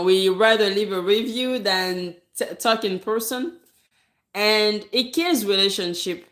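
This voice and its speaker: A woman's voice: mid-range voice, fairly bright tone. Blunt, emphatic businesswoman giving advice. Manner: direct and emphatic, repeats key phrases; laughs lightly between points. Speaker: hair braider. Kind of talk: casual advice monologue.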